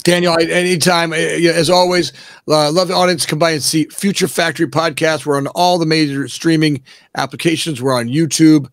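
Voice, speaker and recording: Gravelly man talking with emphasis. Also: a little high, fairly even intonation, brisk, no echo. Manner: emphatic, keeps tagging "right?". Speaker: guest. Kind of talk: casual podcast interview.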